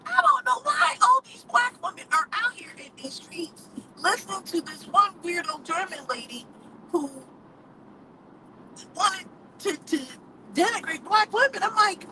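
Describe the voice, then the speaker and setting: A woman speaks her mind in a high, lively voice that swings up and down. She is outspoken and laughs often, returning again and again to the same rhetorical question. A steady hum and passing traffic sit clearly behind her. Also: unhurried. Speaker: vlogger giving opinions. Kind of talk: casual opinion monologue.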